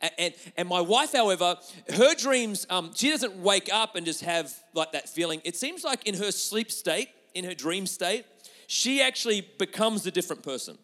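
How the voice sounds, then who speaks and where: A middle-aged man with a notably high voice delivers a sermon. He speaks to the audience in a relaxed, storytelling way, full of restarts. He often turns to the listeners with questions. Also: normal speed, big-room sound. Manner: animated, chatty, with many restarts, addressing the audience. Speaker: pastor.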